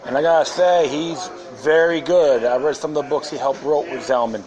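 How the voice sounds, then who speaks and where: A man's voice: a little high, steady tone, normal speed, muffled recording, crowd noise. A man hosting a podcast, talking in a rambling, sarcastic casual monologue. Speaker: podcast host.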